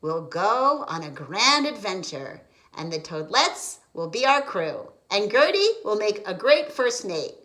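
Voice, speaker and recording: A woman's voice: mid-range voice, very animated, a little slow, few pauses, bright, forceful tone. A woman voicing a hearty old male frog sea captain with salty sailor talk in a storybook.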